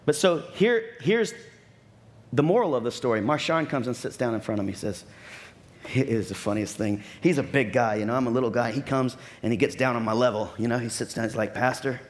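A man preaching a sermon as pastor, telling stories and acting out what people said, with lively asides. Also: mid-range voice, a little fast. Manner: storytelling with acted-out quotes and lively asides.

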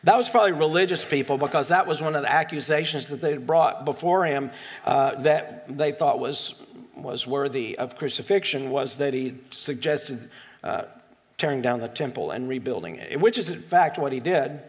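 A man's voice: medium pitch, normal speed. A male pastor reads scripture aloud and explains it in a casual, digressive way, with self-deprecating asides. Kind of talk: conversational sermon reading and explaining scripture.

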